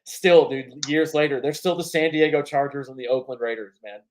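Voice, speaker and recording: A man co-hosting a sports podcast, telling stories in a casual, profane, animated way. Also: mid-range voice, fairly quick, low-quality recording. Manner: profane, animated storyteller with bursts of laughter. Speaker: podcast co-host.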